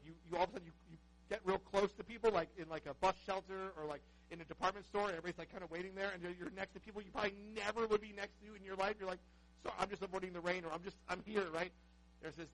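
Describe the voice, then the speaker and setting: A man preaching a conversational sermon in church, joking with the congregation and growing loud and emphatic. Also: high-pitched, rough recording. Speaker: pastor.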